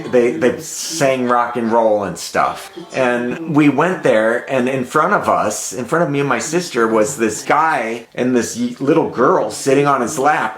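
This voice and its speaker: A man's voice: medium pitch, a bit bright. A man reviewing a movie in a casual running commentary, giving a crude, exclamatory play-by-play. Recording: echoey room, faint background noise.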